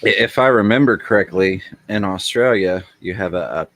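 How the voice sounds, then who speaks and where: A man in laid-back casual podcast chat, wry and relaxed. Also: low-pitched, moderate pace, dry recording.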